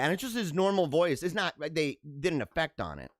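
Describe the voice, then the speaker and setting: A man with a high, very lively voice hosts a casual news-riffing show, reading headlines and then wandering into playful, laughing asides. The sound is dry and close, with no room echo. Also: brisk. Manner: animated, laughs and riffs between read-aloud headlines. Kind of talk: casual commentary on news items.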